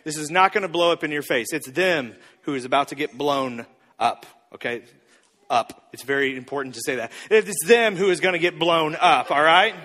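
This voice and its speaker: A man's voice: a little high, moderate pace, pushed and bright, pitched below the performer's own voice. A man playing a cocky, smug advice guru who teases and drills the audience. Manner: mock-confident, teasing, drills the audience. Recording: reverberant hall.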